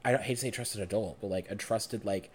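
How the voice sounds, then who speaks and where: A young man co-hosting a podcast, telling a personal story in a frank, animated way and swearing freely. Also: on the low side, fast, slightly rough. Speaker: podcast co-host.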